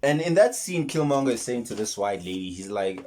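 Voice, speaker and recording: A man's voice: mid-range voice, very animated, a little fast, hardly any pauses, darkish tone, slight background noise. Earnest man breaking down a film. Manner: earnest, repeats and restarts words, retells scenes. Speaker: YouTube film commentator. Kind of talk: casual film breakdown monologue.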